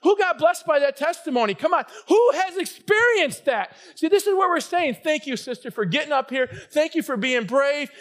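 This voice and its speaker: A middle-aged male pastor with a notably high voice preaches a sermon in a church. His delivery is energetic, often climbing into shouted emphasis before settling back down. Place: church sanctuary.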